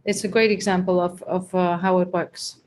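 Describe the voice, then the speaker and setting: A woman with an Italian accent hosting a casual group video call, playful and quick to laugh. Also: on the low side, a little hiss or hum. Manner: playful, laughs often, animated asides. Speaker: host of group coaching call.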